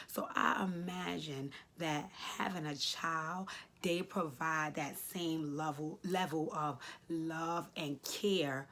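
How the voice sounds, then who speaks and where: Low husky-voiced woman in her late thirties. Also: fairly even intonation, unhurried, a bit bright. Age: late 30s. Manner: earnest, emotional, repeats key phrases for emphasis; speaks directly to viewers, informal. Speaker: advice vlogger answering a letter. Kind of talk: heartfelt advice talk to camera.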